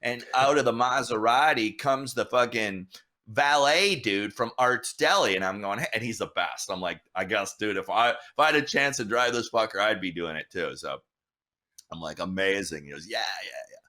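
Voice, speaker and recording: A middle-aged man, a guest artist, telling a story casually, animated and swearing, acting out the voices of people he met. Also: lowish voice, normal speed. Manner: animated, swearing, acts out dialogue.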